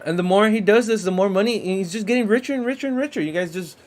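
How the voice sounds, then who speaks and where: Male crypto streamer, slightly higher voice, excitable casual delivery, repetitive with fillers. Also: fast. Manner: excitable, repeats himself, lots of fillers. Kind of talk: casual livestream commentary.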